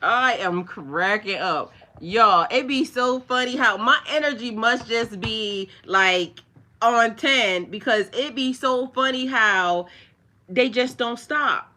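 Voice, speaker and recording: A woman's voice: fairly high pitch, expressive, slow, sharp tone. A woman hosting a spiritual livestream, rambling in a casual, chatty way with many fillers, talking straight to her viewers and mocking the trolls. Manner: mocking and scornful toward trolls.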